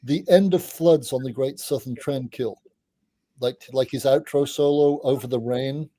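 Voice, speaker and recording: A man's voice: mid-range voice, mellow, dry recording. Middle aged guy rambling through old stories on a podcast, dry close sound, lots of restarts. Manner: chatty, restarts phrases, quick asides. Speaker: podcast guest. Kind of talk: casual anecdotal storytelling.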